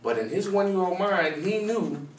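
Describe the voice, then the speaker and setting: Lively high-voiced man speaking to students. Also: normal speed. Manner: animated storyteller, acts out voices and shouts. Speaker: motivational speaker. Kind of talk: live motivational talk to students. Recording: echoey hall from far off, faint noise.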